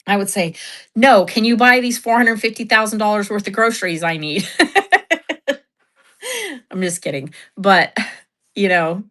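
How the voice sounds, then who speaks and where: A woman's voice: medium pitch, steady tone, moderate pace, long pauses, a bit bright. A woman hosting a casual livestream, telling a story in a chatty way, laughing often and reading chat aloud. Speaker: livestream host.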